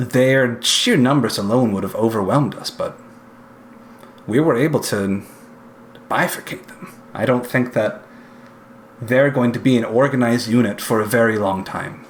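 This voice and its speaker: Guy playing a stern steely inquisitor, slow formal halting delivery, keeps his feelings in. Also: medium pitch, a little hiss or hum, lightly acted.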